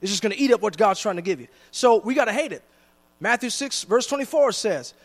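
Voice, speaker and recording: A man with a high, expressive voice preaches a sermon in a church, his words carrying through a large hall. He's chatty and jokes around, but slows down and leans heavily on the scripture he reads.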